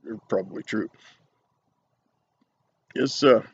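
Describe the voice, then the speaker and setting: A man's voice: on the low side, takes it slowly. A middle-aged man chatting casually to camera as a cigar reviewer, rambling and joking at his own expense. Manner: rambling, jokey, self-deprecating. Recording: dull lo-fi home recording with faint noise.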